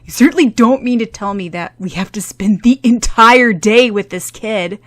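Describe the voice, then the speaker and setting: A proud, irritable young boy, as a woman narrator puts him on, loud and forceful in his complaints. He sounds indignant and exasperated, in a storybook reading. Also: medium pitch, normal speed, natural voice.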